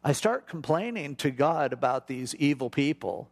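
A middle-aged pastor, his slightly high voice carrying a gravelly, creaky edge, teaches from scripture in a relaxed, conversational manner. He drops in quick acted-out prayers and asides as he goes.

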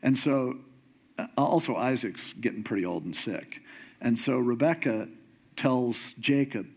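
A man preaching a sermon, telling a story in a comic way and acting out the characters with sudden jumps in pitch. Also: unhurried. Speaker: pastor.

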